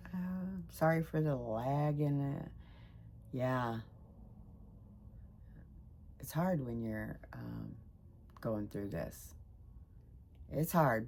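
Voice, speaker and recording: A woman in her sixties giving a rambling, emotional personal vlog update; her voice jumps high when she gets excited. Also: creaky. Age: 60s. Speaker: vlogger.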